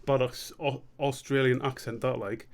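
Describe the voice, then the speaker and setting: A man's voice: mid-range voice, flat delivery, normal speed. Rambling, sweary man on a live stream. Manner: rambling, sweary, self-mocking. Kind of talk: casual live-stream chat.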